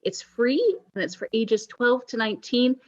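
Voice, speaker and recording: A woman with a fairly high, darkish voice hosts a church service at a normal pace, her pitch swinging widely as she cracks pirate jokes and makes playful announcements. The recording is dull and lo-fi.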